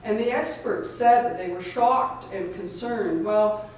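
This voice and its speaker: A woman, a lawyer and advocate, gives an earnest, hurried public speech at an event, often restarting her sentences. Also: medium pitch, a little mellow. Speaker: lawyer and advocate speaking at a rally. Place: lecture hall at a public event. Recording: echoey hall, far from the mic, faint noise.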